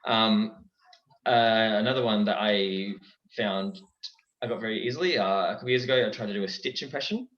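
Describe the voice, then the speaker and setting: A young man chatting casually as a guest in an interview, lively and dropping into character voices. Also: fairly low pitch, fairly quick. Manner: animated, breaks into character voices. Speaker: guest, impressionist. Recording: dull, echoey recording.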